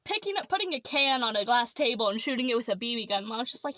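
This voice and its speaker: A teenager on a casual podcast chat, telling quick animated stories and chiming in with short agreements. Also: medium pitch, no echo. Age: late teens. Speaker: podcast co-host.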